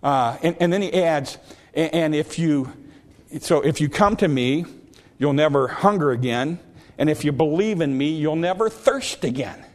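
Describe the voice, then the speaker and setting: A man preaching a sermon in a conversational way, with frequent restarts, slowing right down to stress the scripture lines. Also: a little high.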